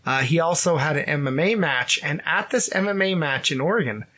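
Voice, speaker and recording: A young adult man hosts a casual podcast, his voice fairly high and a little fast. He tells animated stories full of jokes and acted-out quotes.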